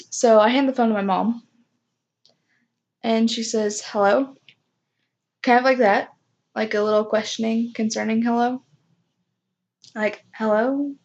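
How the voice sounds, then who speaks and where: Young woman vlogger, highish voice, chatty storyteller, lo-fi sound. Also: steady tone, normal speed, long pauses, a little mellow. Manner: chatty, self-mocking, acts out quoted voices. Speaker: vlogger telling a personal story. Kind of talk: casual storytime chat.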